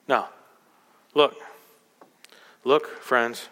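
A male pastor preaching a sermon in a church sanctuary, swinging dramatically from loud exclamations to hushed asides. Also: medium pitch, a little slow, long pauses. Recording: long hall reverb.

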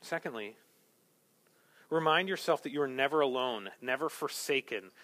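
A man preaching a sermon as pastor, conversational and animated, building to emphatic peaks. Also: medium pitch, normal speed.

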